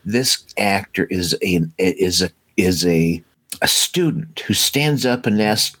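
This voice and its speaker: A man co-hosting a casual movie chat show, talking enthusiastically with halting restarts. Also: deep voice, a bit bright, no room sound. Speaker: co-host of a movie watch show.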